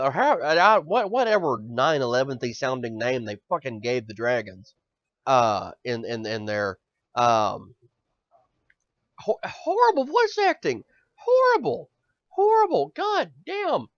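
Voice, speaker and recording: Animated, fast-ranting male podcast host. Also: mid-range voice, no room sound. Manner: animated, profane ranting, stammers and repeats. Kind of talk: casual podcast chat. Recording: dull dry lo-fi audio.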